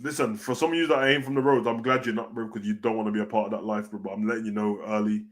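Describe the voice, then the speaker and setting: A man with a British accent, hosting a wrestling reaction show in a casual, animated way, full of street slang and "bro". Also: on the low side, quick pace. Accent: British (London street slang). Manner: animated, slangy, peppers every line with "bro".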